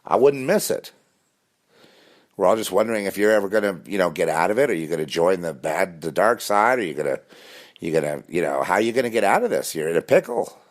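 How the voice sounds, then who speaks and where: A man voicing a sarcastic stranger who taunts with mock friendliness in a high, sweetly mocking sing-song. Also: very animated, fast, heavily acted. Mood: taunting.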